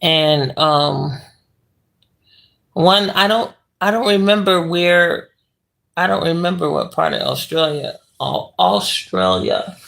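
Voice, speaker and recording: A slow, drawn-out talker with a gravelly, fry-laden voice, hosting a livestream from bed. The chat rambles along loosely and is broken up by frequent laughs. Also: medium pitch, animated, fairly bright tone. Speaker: livestream host reading viewer chat. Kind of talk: casual live chat. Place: bedroom, lying in bed.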